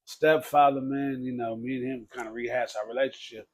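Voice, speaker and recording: A man telling his life story in a casual podcast conversation, talking loosely and dropping low to quote others. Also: fairly even intonation, a little fast. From Texas. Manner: conversational, peppers speech with "man" and "bro", drops low for quoted speech. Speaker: podcast guest.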